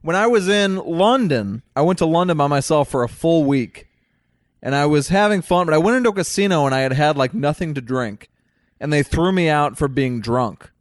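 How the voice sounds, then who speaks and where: A man's voice: fairly high pitch, lively intonation, moderate pace, no room sound, clean studio sound. A man telling stories in casual chat, rambling and self-deprecating.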